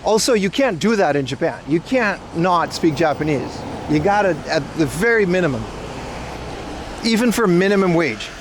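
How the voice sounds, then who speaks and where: A man's voice: high-pitched, lively intonation, normal speed, noisy background. A Dutch man hosting a casual livestream while walking outside, rambling loosely, laughing often and talking to his chat. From Netherlands. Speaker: livestream host.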